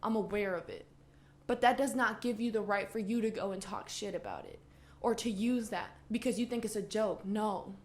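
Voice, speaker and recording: A woman co-hosting a podcast, Spanish being her native language, talks casually but rants with heat and plenty of swearing. Her mid-range voice is expressive at a moderate pace, recorded with a roomy echo.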